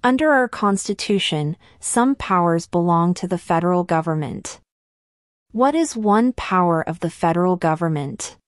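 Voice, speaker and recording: Woman, low-pitched, measured, slow scripted question-and-answer reading, dry close sound. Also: animated, dry recording. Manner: measured, deliberate delivery with long pauses. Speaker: civics test reader.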